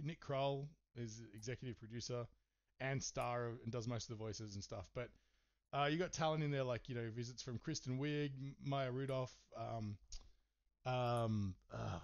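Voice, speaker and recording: A man hosting a podcast, telling a story in casual chat, swearing and rambling with lots of fillers. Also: medium pitch. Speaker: podcast host. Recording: slightly dull, muffled sound.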